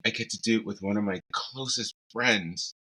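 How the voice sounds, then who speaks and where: A man co-hosting a casual podcast chat, playful and quick to laugh. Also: on the low side, breathy edge, rough recording. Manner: laughs often, animated and playful. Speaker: podcast co-host.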